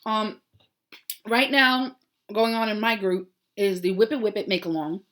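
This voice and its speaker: A woman's voice: mid-range voice, steady tone, unhurried, fairly bright tone. A woman hosting her crafting podcast in casual chat, heartfelt and rambling with many ums and restarts, turning bubbly and upbeat for announcements. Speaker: podcast host.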